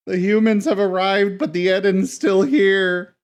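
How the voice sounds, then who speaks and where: A man playing a game on stream, reacting aloud to it in a playful, casual way. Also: high voice. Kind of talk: casual let's-play commentary.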